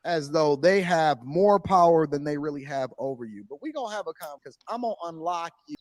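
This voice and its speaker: A man lectures his viewers in a fairly high voice, preachy and scolding. The sound is dry and close. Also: lively intonation, fairly quick, no echo. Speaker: streamer in a played clip. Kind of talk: lecturing commentary.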